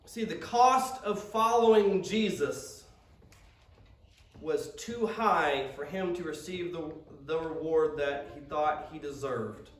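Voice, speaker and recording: A man's voice: a little high, slow, far from the mic. A man preaching a conversational sermon as pastor, with frequent stammered restarts and quotes acted out in character. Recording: roomy sound from off-mic.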